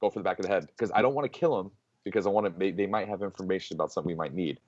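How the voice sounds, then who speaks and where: A man playing a tabletop game, blunt and excitable, swearing freely. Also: low voice, rapid-fire, no room sound, muffled recording. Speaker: player. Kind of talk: casual tabletop game chat.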